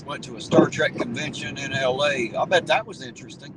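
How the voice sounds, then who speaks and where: Middle-aged man, folksy rambling livestream chat, ordinary pitch, loud traffic noise outdoors. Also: brisk. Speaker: livestream host reading chat. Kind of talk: casual chat.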